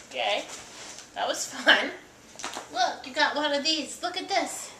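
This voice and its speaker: A young mother in a home video, coaxing her baby in a sing-song voice as he opens birthday cards and gifts. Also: high-pitched. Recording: roomy, distant camera mic with background noise.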